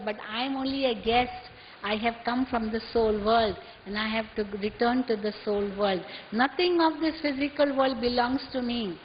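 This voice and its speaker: A woman gives a measured spiritual talk. Her voice sits high, and she keeps asking her listeners rhetorical questions. The recording is muffled, with a long hall echo and a light hiss. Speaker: spiritual teacher.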